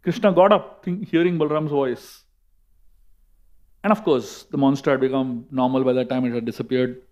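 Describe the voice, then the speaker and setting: A man with an Indian English accent giving a sermon, telling a story in a lively way with emphatic repetition. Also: medium pitch, normal speed, muffled recording. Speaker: monk and speaker.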